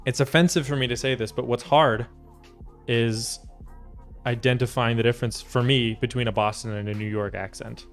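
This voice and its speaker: A man's voice: mid-range voice, moderate pace, soft background music. A young American man chatting casually with his stream chat while he builds a keyboard. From United States. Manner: relaxed, chatty, reads and answers chat.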